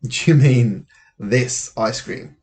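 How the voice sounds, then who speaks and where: A man voicing a cheeky schoolboy in a children's story, reading his lines with bright excitement. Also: medium pitch, slow. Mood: cagey, cheeky.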